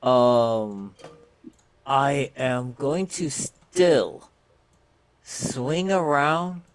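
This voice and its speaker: A man playing a tabletop game, describing his move deliberately with many pauses. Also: medium pitch. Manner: slow and deliberate, full of ums. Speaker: player.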